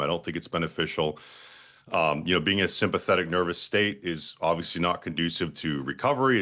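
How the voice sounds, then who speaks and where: Man, very deep voice, podcast host, explanatory, casual chat. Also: fairly bright tone. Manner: explanatory, calls himself wired and amped.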